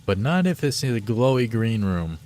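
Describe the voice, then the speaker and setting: A man streaming a game live, reading the dialogue aloud and chatting in a playful, excitable way. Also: mid-range voice, moderate pace, a little hiss or hum.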